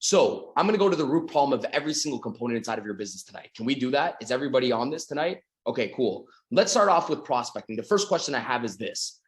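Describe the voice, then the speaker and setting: A man's voice: medium pitch, quick pace, few pauses, reverberant. A man from Canada giving a motivational sales talk, acting out little dialogues and swearing casually. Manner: animated storytelling, acts out dialogues, swears casually. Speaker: sales coach. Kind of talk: motivational talk to an online audience.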